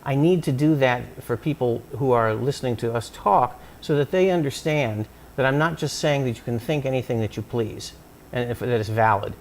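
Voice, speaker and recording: A man in a recorded interview talks through his ideas at an even pitch. He stumbles and restarts often as he reaches for the right words, building his point with examples. Faint noise hums under the recording. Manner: halting, many restarts, explains with examples. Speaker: psychoanalyst interviewee. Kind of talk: thoughtful conversational interview.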